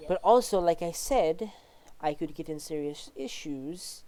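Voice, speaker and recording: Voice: medium pitch, expressive, a little slow, a little mellow, a little hiss or hum, close to an everyday voice. A game master voicing a wary, weary female judge and spellcaster who talks guardedly and frankly.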